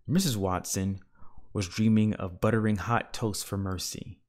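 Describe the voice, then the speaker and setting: A man with a somewhat low voice reads a children's story aloud. His delivery is gentle and measured, the careful pace of bedtime storytelling. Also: steady tone, noisy background. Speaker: storyteller reading a children's book. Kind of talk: children's read-aloud narration.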